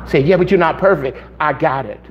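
High-voiced man preaching with stories. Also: brisk, muffled recording, a little hiss or hum. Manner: storytelling, acts out quotes, asks "okay?". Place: church congregation.

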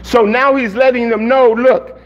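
A man's voice: very high voice, fairly even intonation, measured pace, lo-fi sound. A man preaching a sermon as pastor, in a conversational way that restarts and repeats phrases.

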